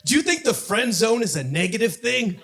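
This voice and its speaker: A man from Southern California doing a stand-up comedy set on a club stage, punchy delivery that builds to shouted punchlines. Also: high voice, big pitch swings, fairly quick, gravelly, background noise.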